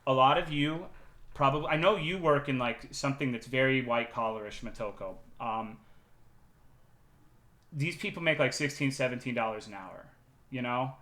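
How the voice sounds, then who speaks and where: A man streaming live, telling a work story in a profane, animated and sarcastic way. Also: mid-range voice, normal speed, echoey room. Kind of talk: casual livestream storytelling.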